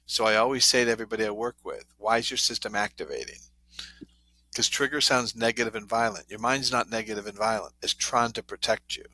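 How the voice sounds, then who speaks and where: Speaking a little fast at a fairly low pitch, a middle-aged trauma therapist shares stories during a podcast interview. He brings them to life by acting out the quoted voices.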